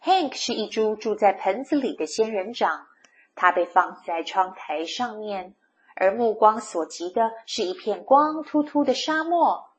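A woman storyteller reading a picture book aloud to children, retelling each page in a slow, expressive way. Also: mid-range voice.

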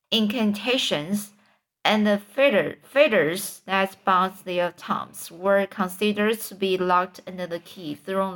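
A woman's voice: mid-range voice, a bit bright. A woman reading a children's storybook aloud, stumbling and restarting words often. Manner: stumbling read with frequent restarts. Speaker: audiobook reader. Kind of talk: storybook narration.

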